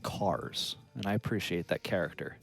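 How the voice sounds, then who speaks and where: A man's voice: low voice, normal speed, gravelly, soft background music. A man co-hosting a podcast in casual comedic banter, rambling and defensive, with hesitant restarts. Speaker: podcast co-host.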